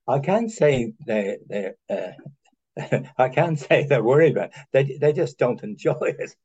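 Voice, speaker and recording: An older man from Ireland, a former honorary consul, telling long anecdotes in a halting way, with many restarts and chuckles. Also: medium pitch, expressive, a little mellow, breathy edge, highs cut off. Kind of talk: rambling anecdotal conversation.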